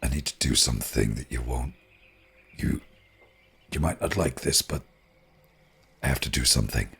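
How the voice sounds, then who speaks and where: A man voicing a solemn male dragon god in cat form, speaking in a deep, rumbling, gravelly voice with a grave, halting manner. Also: a bit bright, heavily acted. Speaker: game master.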